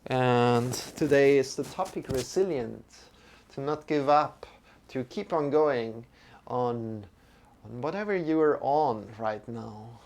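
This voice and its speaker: A man's voice: medium pitch, a little mellow. A man teaching a live-streamed yoga lesson, chatting relaxedly with viewers and leading a mantra. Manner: slow, drawn-out mantra chanting.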